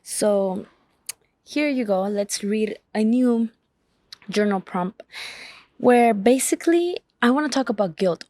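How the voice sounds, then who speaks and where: A woman's voice: fairly high pitch, slow, pauses often, mellow, dry recording. A woman vlogging in a casual chat, talking frankly and with exasperation while she reads back through an old journal. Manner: frank, exasperated, self-critical.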